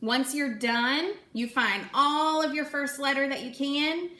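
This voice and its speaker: A woman's voice: high voice, fairly even intonation, pushed and bright, roomy sound. A woman teaching young children a lesson remotely from home, explaining patiently and encouraging them. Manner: slow, patient, encouraging explaining to small kids. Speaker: kindergarten teacher.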